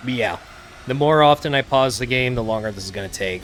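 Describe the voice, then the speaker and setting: A man's voice: medium pitch, a little fast, a bit bright, a little hiss or hum. Laid-back man with a worn-out throat. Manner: laid-back, self-deprecating, rambling asides. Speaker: gaming streamer. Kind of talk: casual let's play commentary. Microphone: desk mic.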